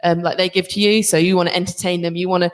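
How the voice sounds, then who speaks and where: A woman's voice: on the low side, flat delivery, very fast. Woman rugby player chatting on a panel. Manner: chatty, many fillers and restarts. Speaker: rugby player and assistant coach. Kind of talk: panel discussion answers.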